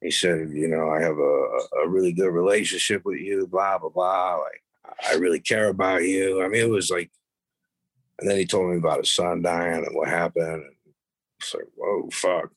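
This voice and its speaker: A man's voice: low-pitched, moderate pace, dry recording. A middle-aged man telling blunt, profane stories from his past in casual conversation. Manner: profane, blunt, animated when quoting others. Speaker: podcast guest. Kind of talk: casual storytelling.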